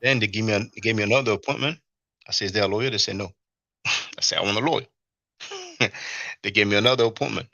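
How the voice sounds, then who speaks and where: Gravelly man telling a rambling story. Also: on the low side, quick pace, long pauses, no echo, lo-fi sound. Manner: rambling, animated retelling with many fillers and restarts. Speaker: livestream host. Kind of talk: casual storytelling monologue.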